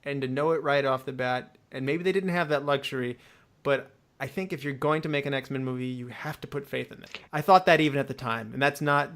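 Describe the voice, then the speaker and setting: A man's voice: medium pitch, a bit bright. A young man hosting a movie podcast, opinionated and joking in casual roundtable chat. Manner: opinionated, joking, quick asides. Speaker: podcast host.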